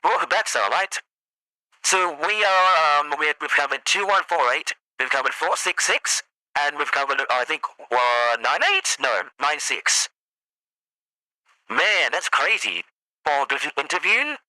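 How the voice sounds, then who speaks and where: A man's voice: fairly high pitch, expressive, unhurried, pushed and bright, no room sound, poor audio. A man hosting a live stream, casually chatting and reading documents aloud. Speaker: streamer host.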